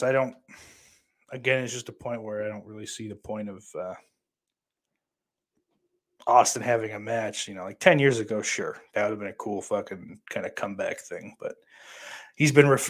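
A man's voice: mid-range voice, normal speed. Profane, rambling male streamer. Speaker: streamer reading chat. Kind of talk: casual live-stream chat.

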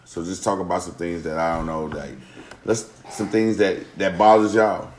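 A man's voice: low voice, steady tone, moderate pace, a little mellow, slight background noise. A man hosting a casual panel chat with teenagers, laid-back and laughing easily. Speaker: host. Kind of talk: casual panel talk show.

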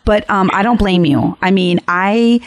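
A woman's voice: medium pitch, unhurried. A woman hosting a podcast in casual chat, chatty and reassuring. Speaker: podcast host.

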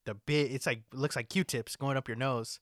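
A man's voice: medium pitch, steady tone, moderate pace, a bit bright, dry recording, studio quality. A man co-hosting a podcast in casual chat, ranting with lots of swearing. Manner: ranting, heavy swearing, lots of filler likes. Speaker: podcast co-host.

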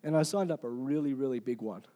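A man preaching a sermon in an energetic, humorous way, often asking the congregation "Amen?". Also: medium pitch, fast talker.

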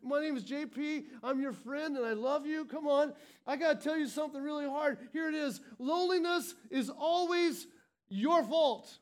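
A man's voice: extremely high pitch, fairly even intonation, a little fast, few pauses. A male pastor delivering a sermon, emphatic and repetitive, often restarting his sentences.

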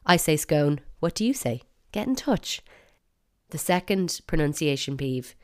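A woman's voice: deep voice, big pitch swings, normal speed. An Irish woman hosting a solo podcast, chatty and opinionated with playful emphasis. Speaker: podcast host.

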